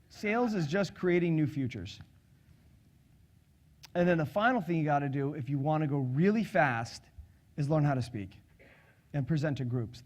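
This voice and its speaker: Before a live crowd, a middle-aged sales and public speaking trainer with a very high voice leads a seminar on selling. Full of energy and playfulness, he cracks jokes with the room and asks the audience questions.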